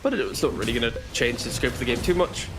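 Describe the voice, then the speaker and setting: A man who is a former coach, giving relaxed color commentary in an easygoing, chatty way and laughing along. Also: mid-range voice, quick pace. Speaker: esports co-caster, former coach.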